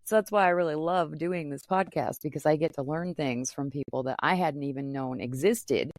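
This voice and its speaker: A woman's voice: sits low, normal speed, darkish tone, dry recording, clean studio sound. A woman hosting a podcast, chatting casually and telling stories with quoted asides. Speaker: podcast host.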